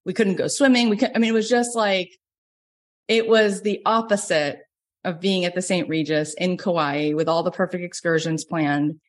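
A middle-aged woman from Florida, a business coach telling a personal story, animated and acting out quoted lines. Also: normal speed. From Florida, USA. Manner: animated, acts out quotes with big pitch jumps. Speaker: business coach and podcast host. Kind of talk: storytelling lesson.

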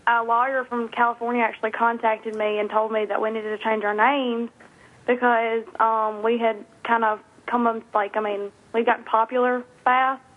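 A woman's voice: a little high, level tone, normal speed. A woman with a Southern Louisiana accent, a guest telling stories in a chatty, easy way. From northern Louisiana. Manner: storytelling, chatty, laughs easily. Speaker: guest, online video creator. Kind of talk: casual phone interview chat. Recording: tinny phone line.

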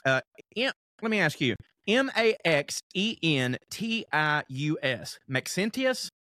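Male podcast co-host, rambling and profane, slightly raised pitch. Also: very animated, slow, bright, forceful tone, no room sound. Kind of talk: casual comedic chat.

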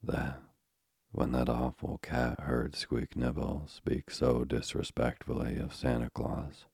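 Man narrating a storybook, measured, old-fashioned, dark voice, dry close sound. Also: rumbling low, little pitch movement, creaky, breathy edge, dry recording. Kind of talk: storybook reading.

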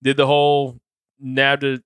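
A man's voice: medium pitch, measured pace, smooth, no echo. A man co-hosting a hunting podcast, telling stories in a rambling, casual way. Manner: rambling storyteller, animated retellings. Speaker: podcast co-host.

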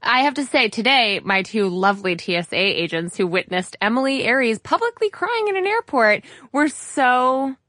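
A woman hosting a podcast interview, talking with animated energy and laughing often. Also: a little high, normal speed, few pauses, no echo, clean studio sound. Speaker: podcast host.

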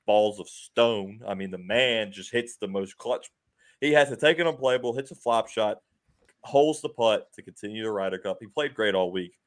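At a moderate pace and in a lowish voice, a man goes over games on his sports podcast, cheerful, laughing, and filling the gaps with many fillers.

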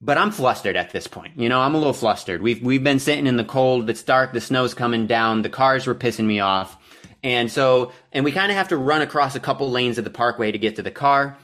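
A man's voice: mid-range voice, a little fast, a bit bright. A young man co-hosting a podcast, telling a long story in a casual, profane and exasperated way and poking fun at himself. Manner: profane, self-deprecating, exasperated. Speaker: podcast co-host.

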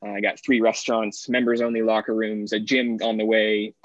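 Podcast guest: man, low and even voice, steady and explanatory, dull dry remote sound. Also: brisk, no echo. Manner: steady, explanatory, frequent "you know" fillers. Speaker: assistant golf professional, guest. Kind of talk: casual podcast interview.

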